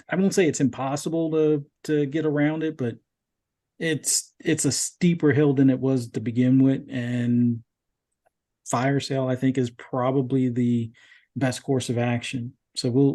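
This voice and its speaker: Man, podcast co-host, mellow tone, hesitant thinking-aloud delivery. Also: mid-range voice. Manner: hesitant, restarts sentences while reasoning. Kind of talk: casual gaming podcast chat.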